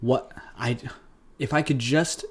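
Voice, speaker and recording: A man's voice: mid-range voice, steady tone, takes it slowly. A young man co-hosts a podcast in a loose, casual chat. He jokes and teases often and fills his talk with likes and ums. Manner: joking, playful, many fillers. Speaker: podcast co-host.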